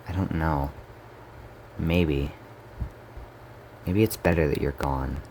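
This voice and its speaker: A man giving a dramatic reading of a story game in a quiet, subdued, measured delivery. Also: rumbling low, steady tone, slight background noise. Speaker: story reader.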